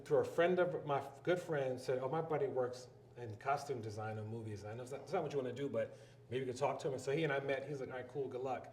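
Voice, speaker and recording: A filmmaker and educator with a Philadelphia accent tells stories in an interview at a live event venue, animatedly acting out the voices of the people in them. He talks fast in a mid-range voice. The recording sounds roomy, with slight background noise.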